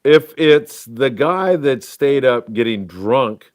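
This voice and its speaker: A man's voice: mid-range voice, expressive, slow, no echo. A man in his sixties hosting a casual fishing talk show, telling stories and reading viewer comments. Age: 60s. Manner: storytelling, jokey, reads viewer comments aloud. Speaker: host. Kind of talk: casual chat.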